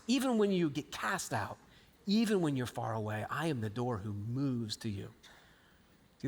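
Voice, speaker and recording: A man preaching a live sermon, animated, acting out scripture quotes and swinging between loud and hushed lines. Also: high-pitched. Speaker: pastor. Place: large church auditorium. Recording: live sermon with long hall reverb.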